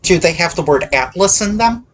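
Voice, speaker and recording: A man hosting a casual movie chat, talking haltingly with many restarts and hedges. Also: high voice, lively intonation, a little hiss or hum. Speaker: podcast host.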